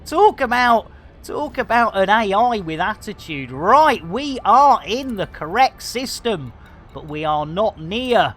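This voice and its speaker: A woman's voice: medium pitch, very animated, takes it slowly. A woman streaming a game live, joking and calling out greetings to viewers. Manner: jokey, theatrical, shouts greetings.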